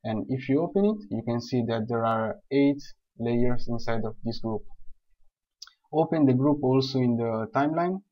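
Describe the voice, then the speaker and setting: A man calmly explaining software steps one by one in a screen-recorded tutorial. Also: medium pitch, normal speed. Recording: dull lo-fi voice recording.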